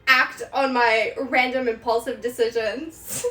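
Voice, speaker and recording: A woman's voice: on the high side, fairly even intonation, takes it slowly, bright, forceful tone, recorded from a distance, faint music behind. A woman chatting casually on a stream while she cooks, rambling with lots of fillers and giggles. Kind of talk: casual chat while cooking. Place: home kitchen. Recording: roomy sound from away from the mic, faint background noise.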